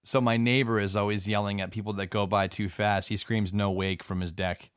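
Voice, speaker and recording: An easygoing man co-hosts a podcast and tells stories at a relaxed pace. His voice sits on the lower side and sounds smooth and clear. The recording is dry, with no room echo. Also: fairly quick. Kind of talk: casual podcast chat.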